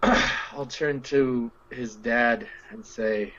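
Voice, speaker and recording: A man's voice: medium pitch, fairly even intonation, very slow, fairly bright tone, dull audio. A man playing a tabletop role-playing game, joking with the others at the table. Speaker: player. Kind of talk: casual tabletop play.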